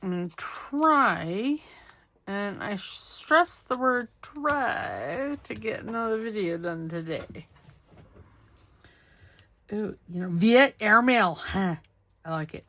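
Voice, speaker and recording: A middle-aged woman hosts a craft channel, chatting casually and teasing herself as she cuts, sews and inks, often talking to herself mid-task. Her medium-pitched voice is slow, lively in intonation and a bit bright, with no room sound in this crafting vlog.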